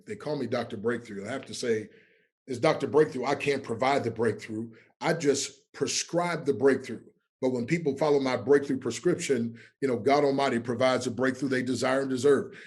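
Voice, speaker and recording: A man, a podcast guest who coaches people, telling personal stories in an interview. He swings between hushed and emphatic and acts out the voices of people in his stories. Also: medium pitch, a little fast. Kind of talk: emotional storytelling in an interview.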